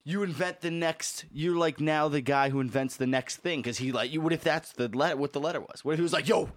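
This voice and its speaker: A man's voice: fairly high pitch, brisk, no room sound. A young man hosting a podcast, talking loosely with lots of fillers, frequent laughs and swearing. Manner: rambling, many fillers, laughs often, swears. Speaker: podcast host. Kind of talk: casual chat.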